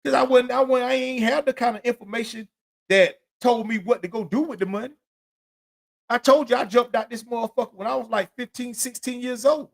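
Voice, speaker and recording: A man's voice: very high voice, brisk, gravelly. A man hosting his own podcast alone, telling rambling, profane street stories in loose, casual slang. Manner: rambling, repeats "you know what I'm saying". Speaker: podcast host. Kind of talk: solo podcast monologue.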